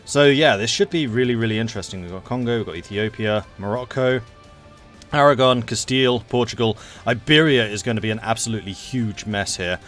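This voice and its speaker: A male commentator hosts a live strategy game stream, chatty and enthusiastic. His voice is mid-pitched, with faint music underneath. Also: fairly quick, fairly bright tone. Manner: chatty, enthusiastic, laughs easily. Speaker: game match commentator and host.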